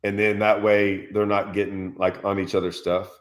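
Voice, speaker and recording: A man telling a lively story in casual chat, acting out quotes and laughing often. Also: on the low side, moderate pace. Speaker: fishing channel host.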